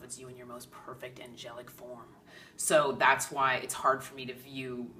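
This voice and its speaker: A woman with a low yet bright, sharp voice tells stories as a medium in casual, lively talk. She jumps into quoted dialogue, raising her voice for the other people in the story. She sits a little back from the mic. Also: recorded from a distance, slight background noise. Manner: animated, acts out quoted dialogue in raised voice.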